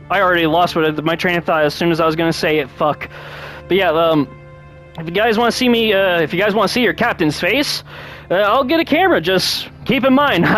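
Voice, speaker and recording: A man hosting his own channel, chatting casually and one-on-one with viewers. He rambles, restarts his sentences often, laughs a lot and gets animated when telling a story. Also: high-pitched. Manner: rambling, with frequent restarts and self-corrections. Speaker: channel host.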